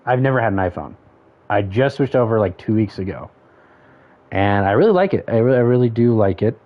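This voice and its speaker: On dull lo-fi stream audio, a man with a lowish, animated voice talks fairly quickly. He's streaming a game and chatting casually, thinking aloud and counting off options under his breath as he comments on play.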